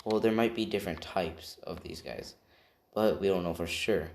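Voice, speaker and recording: A man voicing a calm, protective teenage boy hero, earnest and reassuring. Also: low-pitched, normal speed, vocal fry, slight background noise.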